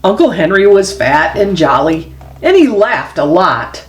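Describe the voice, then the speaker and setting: Lady reading a kids picture book out loud, slow and sing-songy, big swings up and down. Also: echoey room. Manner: slow expressive read-aloud with lively swings; drops low and soft for the grown-ups' voices. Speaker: storyteller.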